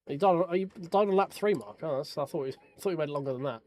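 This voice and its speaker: A man's voice: fairly high pitch, quick pace, a little mellow. A man streaming sim racing, chatting casually with viewers over race replays in a joking, sweary way. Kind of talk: casual live-stream chat while reviewing race replays.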